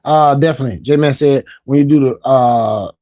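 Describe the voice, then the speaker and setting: Brief: male streamer, mid-pitched, relaxed and chatty, dry close sound. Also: moderate pace, no echo, lo-fi sound. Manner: laid-back, chatty, repeats phrases. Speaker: livestream host. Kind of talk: casual live-stream chat.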